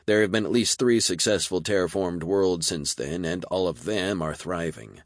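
A man's voice: low-pitched, normal speed, dry recording, clean studio sound. A man voicing a cheerful young male videographer with a breezy, upbeat manner.

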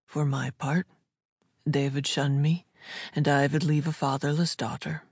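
A steady Amish farmer man with a slight German accent, firm and unwavering, every word measured and calm, as a woman narrator voices him. The reading sounds close and dry, with a low-set, even tone. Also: breathy edge, no room sound.

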